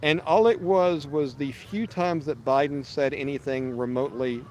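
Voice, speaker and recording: A man's voice: on the high side, moderate pace, darkish tone, slight background noise. A man, hosting a fishing livestream outdoors and chatting casually, rambling and restarting as he reads viewer messages. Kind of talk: casual live-stream chat. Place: outdoors at a park lake.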